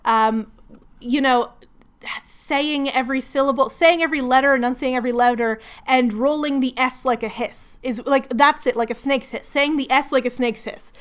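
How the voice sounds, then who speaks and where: A woman's voice: sits high, steady tone, normal speed. A woman chatting casually while doing crafts at home, rambling and laughing often. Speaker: craft vlogger hosting a hangout.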